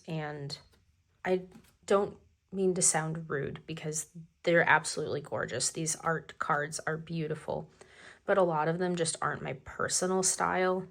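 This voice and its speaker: Slow-talking woman unboxing planners. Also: low-pitched, steady tone. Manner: chatty, enthusiastic about stationery. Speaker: planner vlogger. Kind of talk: casual unboxing vlog.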